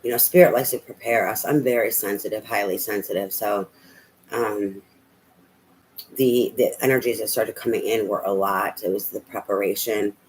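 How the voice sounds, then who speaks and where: A man's voice: fairly low pitch, fairly even intonation, moderate pace, a little hiss or hum, low-quality recording. A man giving a casual spoken tarot reading, rambling and hesitant with many fillers. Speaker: tarot reader.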